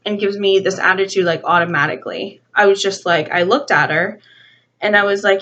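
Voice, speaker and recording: A woman's voice: mid-range voice, a little fast. Young woman vlogger, heated conversational rant, muffled home recording. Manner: animated, acts out both sides of a dialogue, heavy use of "like". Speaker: beauty vlogger. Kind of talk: casual storytime rant. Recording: slightly dull lo-fi home video audio.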